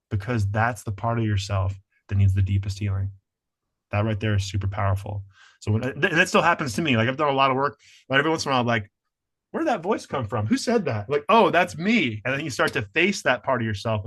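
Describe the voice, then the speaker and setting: Animated man teaching a healing webinar. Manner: energetic, acts out inner voices with rising pitch, addresses "you guys". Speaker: healing coach presenting a webinar. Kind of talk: webinar presentation.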